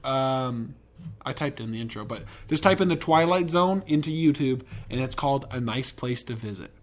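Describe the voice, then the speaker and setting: A man's voice: mid-range voice, expressive, moderate pace. A man hosting a podcast in a casual, rambling and profane way, with enthusiastic tangents. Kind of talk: casual chat.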